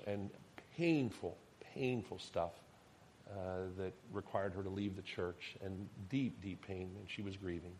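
A man in his thirties, a pastor preaching a sermon, telling a personal story and acting out the dialogue, dropping to soft, quiet tones at tender moments. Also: lowish voice, a little hiss or hum. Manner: animated storyteller, acts out quoted dialogue, drops to soft tones.

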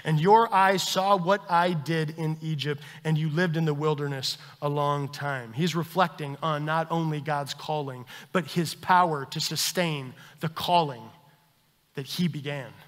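A man preaching a sermon as a pastor, impassioned, swinging between loud intensity and quiet emphasis. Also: fairly high pitch, steady tone, measured pace, in a large hall.

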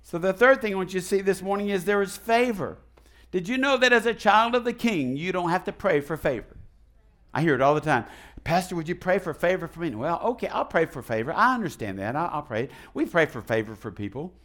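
Male pastor, fairly high voice, folksy and animated sermon delivery, questions tossed to the pews. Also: fairly quick. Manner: animated, asks the congregation questions and leads call and response; folksy, retells the story in his own casual words.

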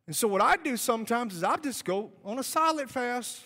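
A man preaching at a revival, fervent and insistent, stacking phrases for emphasis. His high, bright voice swings up and down with energy. The sound rings with a long reverb from a large church hall. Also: expressive, a little fast. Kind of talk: revival sermon. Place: church sanctuary.

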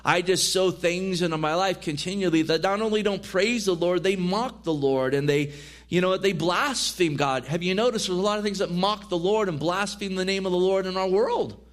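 A man's voice: high voice, normal speed. A man preaching a sermon in a church as pastor, reading scripture aloud and pressing his points with earnest emphasis.

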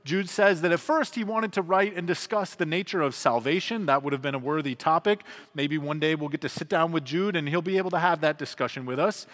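Pastor, male, 30s, somewhat high voice, earnest conversational sermon delivery, long church reverb. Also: a little fast, few pauses, fairly bright tone. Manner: earnest, conversational preaching with emphatic swells.

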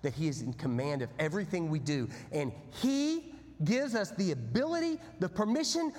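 A man preaching a sermon as pastor, telling stories with big swings between loud bursts and hushed, low passages. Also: sing-song, moderate pace. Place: church sanctuary. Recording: long hall reverb.

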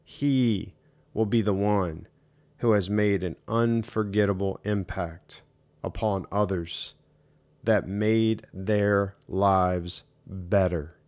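A middle-aged man hosting a solo podcast and telling a story in an earnest, emphatic way, repeating his key points. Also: fairly low pitch. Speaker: podcast host. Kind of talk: reflective solo podcast monologue.

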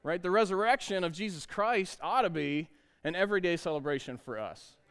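A man's voice: high-pitched, animated, a little fast, fairly bright tone, clear, resonant tone. A man, preaching a sermon in an upbeat, conversational way and asking the congregation questions. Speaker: pastor.

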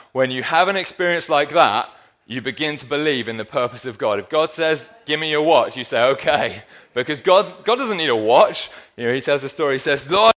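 A man's voice: mid-range voice, fairly bright tone. A man preaching a sermon in church on a handheld mic, joking and talking straight to the congregation. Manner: playful, jokey, addresses the congregation directly. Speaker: pastor. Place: church hall.

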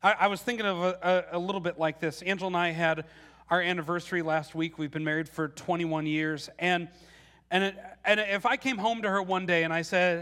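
A pastor in his forties delivers a sermon in a relaxed, conversational way. His voice sits fairly high for a man, and he often restarts his phrases and fills them with "like". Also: a little fast. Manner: conversational, with frequent "like" and repeated words.

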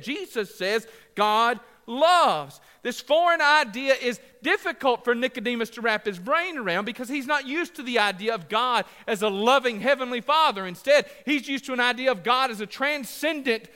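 A man's voice: very high-pitched, lively intonation, moderate pace, hardly any pauses, sharp tone, smooth, big-room sound. A man preaching a sermon to a congregation, passionate and emphatic, with repeated phrases and asides that joke with the crowd. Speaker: pastor. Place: church sanctuary.

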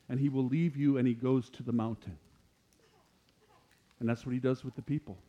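A man preaching a sermon, animated, growing louder and higher as he quotes scripture. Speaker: pastor.

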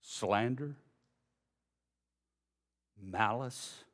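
A man preaching a sermon, folksy and direct with the congregation, swinging from low, quiet passages to loud emphasis. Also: extremely slow. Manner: folksy, addresses congregation as y'all. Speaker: pastor.

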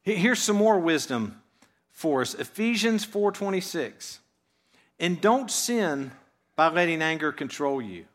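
A man with a slightly high voice delivers a sermon to his church. He talks plainly and conversationally, tossing in rhetorical questions and dropping to a quiet tone at the ends of his phrases. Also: sing-song, unhurried. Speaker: pastor.

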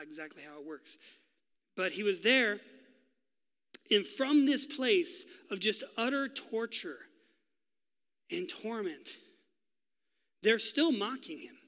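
A male pastor preaching a sermon, telling a story with drama and dropping to a hush for key lines. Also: sits high, big-room sound. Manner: dramatic storytelling, swinging from loud to hushed.

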